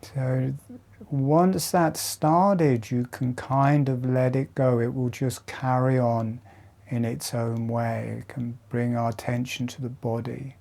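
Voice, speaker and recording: Very slow, dark-voiced male meditation guide. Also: mid-range voice, vocal fry. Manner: slow, calm, soft instructions with long pauses. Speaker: breathwork teacher.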